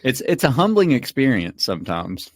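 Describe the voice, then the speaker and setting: A man co-hosting a podcast, telling stories in an animated, casual way. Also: mid-range voice, moderate pace, husky, no echo, clean studio sound. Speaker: podcast co-host.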